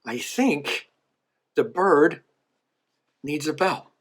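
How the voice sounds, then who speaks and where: A man's voice: on the high side, animated, extremely slow, slightly rough, full character voice. A man voicing a fussy, helpful shop owner. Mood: puzzled. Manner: puzzled, eager to please.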